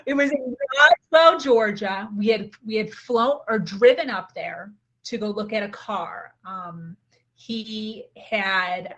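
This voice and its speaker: A woman talks as a podcast guest, telling a personal story with casual candor. She is lively, throws in quick asides and fillers, and her voice sits in an ordinary middle pitch. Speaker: podcast guest, life coach.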